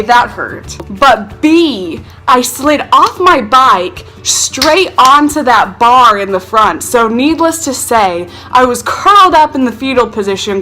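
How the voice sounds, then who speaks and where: A young woman vlogger telling her childhood stories in a casual, animated, self-mocking way, acting out the people in them. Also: fairly high pitch. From North Carolina. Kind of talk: casual storytelling to camera.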